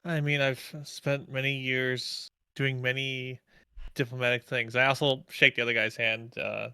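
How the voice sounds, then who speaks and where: A man plays in a tabletop game, slipping between his own talk and his character's lines. His voice is very bright and clear. It is recorded close and dry. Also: medium pitch, measured pace, no room sound. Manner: relaxed, talks in and out of character. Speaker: player. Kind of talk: casual tabletop play.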